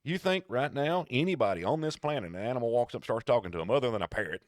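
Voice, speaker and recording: Animated man on a dry podcast mic. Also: mid-range voice, quick pace, dry recording. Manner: animated, digressive, jokey storytelling. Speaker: podcast co-host. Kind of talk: casual podcast chat.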